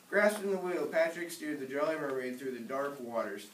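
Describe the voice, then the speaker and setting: A man reading a children's picture book aloud in a gentle storytelling manner. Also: mid-range voice, normal speed, slight background noise. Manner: gentle storytelling, small slips. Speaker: reader. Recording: echoey room, distant mic.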